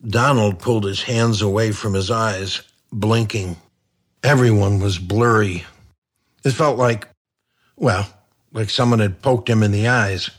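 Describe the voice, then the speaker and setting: A man's voice: fairly low pitch, measured pace. A man reading a comic crime novel aloud, in a dry, wry storytelling manner. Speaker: narrator. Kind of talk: audiobook narration.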